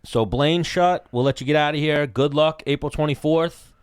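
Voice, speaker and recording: A man's voice: fairly high pitch, normal speed, clean tone, dry recording. A man co-hosting a podcast, easygoing in casual chat and steering the talk. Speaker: podcast co-host.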